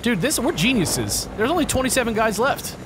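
A man's voice: very high voice, very animated, a little fast, background noise. Upbeat man chatting while gaming. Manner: upbeat, plays the confident pilot. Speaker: let's play co-host. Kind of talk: casual gaming banter.

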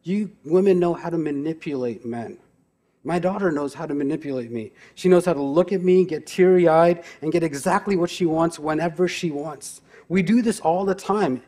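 A man's voice: on the high side, moderate pace, mellow. A man preaching a sermon as pastor, stressing his points with repeated rhetorical questions. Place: church.

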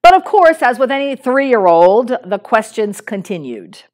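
Lively, high-voiced woman pastor preaching. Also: a little slow. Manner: conversational, with fillers and restarts; acts out a small boy's lines in a higher voice when telling a story. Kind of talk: sermon.

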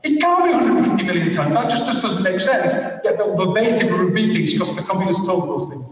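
A man's voice: sits high, big pitch swings, brisk. An older man giving a guest lecture and answering questions, talking in an enthusiastic, rambling, anecdotal way. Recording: echoey hall from far off.

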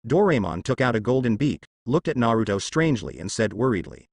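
A male narrator reading translated fan fiction aloud in an even, unhurried way. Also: mid-range voice, vocal fry, breathy edge, dry recording, studio quality.

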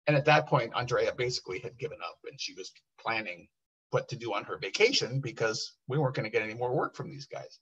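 Man in the middle pitch range, animated storyteller at a workshop, husky edge. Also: fast talker. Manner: animated, quotes people in lively bursts. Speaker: workshop speaker. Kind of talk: storytelling talk. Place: workshop room. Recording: dull lo-fi workshop recording.

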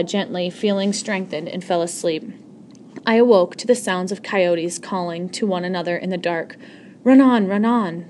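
A woman's voice: on the low side, darkish tone, slight background noise. A woman reading a first-person novel aloud in an earnest voice, often stumbling and correcting herself. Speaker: audiobook reader.

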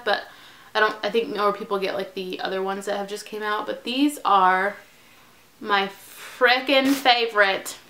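A woman's voice: mid-range voice, fairly bright tone. A woman gushing through a casual haul vlog from her bedroom, bubbly and chatty, sometimes dropping to a whisper. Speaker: haul vlogger.

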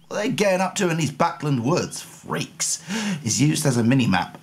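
A young man streaming a game with commentary, hoarse from illness, goofy and quick to shrill yelps. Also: big pitch swings.

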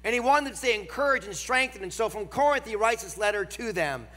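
Nasal man with a Northern American accent preaching in a large church; emphatic, slows on key lines, bright edge, reverberant hall. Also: high voice, animated. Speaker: guest preacher. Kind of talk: sermon.

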